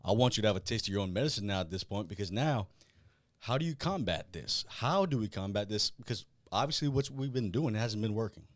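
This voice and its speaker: A man, hosting a casual podcast and talking in a blunt, profane, animated way. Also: fairly low pitch, a little fast, dry recording. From South Louisiana. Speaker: podcast host.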